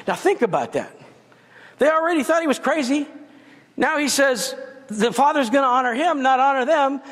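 A man's voice: extremely high pitch, lively intonation, normal speed, fairly bright tone. A man giving a guest sermon in a church, conversational and dotted with humorous asides. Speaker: guest preacher. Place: church sanctuary. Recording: long church reverb.

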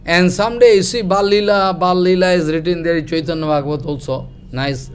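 Rich: A spiritual teacher tells a devotional story in a lively, somewhat high male voice. He speaks in halting, broken English, filling his pauses with "you know" and "I mean". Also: smooth. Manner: animated, halting broken English, many fillers.

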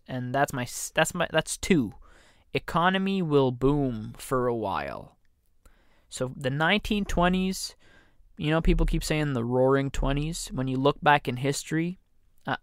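A man's voice: mid-range voice, fairly bright tone, clean tone, no echo. A man hosting a comedy podcast alone, meandering and self-deprecating, joking about himself as he talks into a studio mic. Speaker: podcast host. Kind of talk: rambling comedy podcast monologue. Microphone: studio condenser mic.

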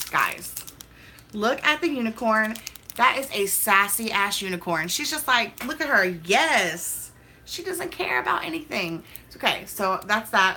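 A woman's voice: mid-range voice, bright, forceful tone, a little hiss or hum. A young woman vlogging as she opens mail, talking in a hyper, chatty, gushing way. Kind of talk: casual mail-opening vlog.

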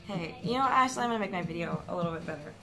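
A woman's voice: lowish voice, animated, rapid-fire. A young woman talking to her camera at home in a rambling, self-mocking vlog, full of fillers and restarts. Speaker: vlogger. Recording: music playing in the room.

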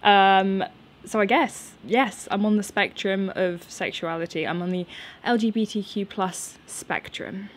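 A woman's voice: mid-range voice, fairly even intonation, measured pace, a little hiss or hum. A young woman in her twenties, a vlogger chatting casually and nervously in her garden, laughing often. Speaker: YouTuber answering viewer questions. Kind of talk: casual unscripted chat.

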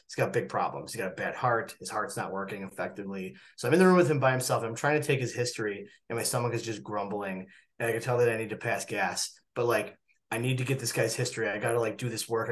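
A man, a physician, telling a candid story in an animated way during a casual Q&A over a video call. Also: on the low side. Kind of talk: casual anecdote in a Q&A.

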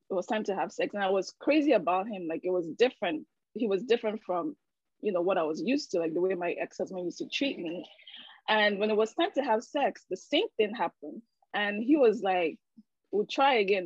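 A woman shares her personal testimonial candidly and emotionally, stumbling through fillers as she goes. Her voice sits at a middle pitch. The video call audio sounds dull and dry. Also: a little mellow, dry recording. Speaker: patient giving a testimonial.

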